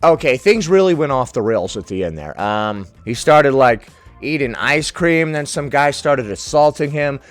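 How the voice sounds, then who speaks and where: A man's voice: mid-range voice, expressive, normal speed, soft background music. A man hosting a comedic reaction video, mocking and irreverent, who swears freely and laughs often.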